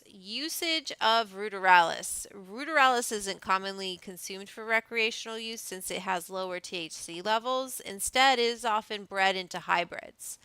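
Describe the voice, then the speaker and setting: A woman's voice: mid-range voice, sharp tone, clear, resonant tone, no room sound, poor audio. A woman hosting a casual show, reading notes aloud and breaking off into chatty asides. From Canada. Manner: reads notes aloud then riffs off-script with asides. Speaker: host.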